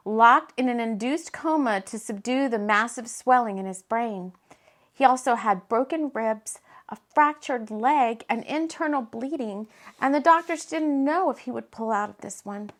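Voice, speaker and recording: A woman, the author, narrating her novel in an expressive, dramatic audiobook reading. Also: on the high side.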